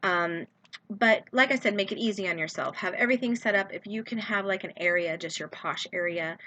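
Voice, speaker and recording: A woman's voice: mid-range voice, fairly quick, pushed and bright. A woman chatting casually in a how-to video, full of fillers and asides as she shows how she prepares product samples. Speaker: direct sales consultant.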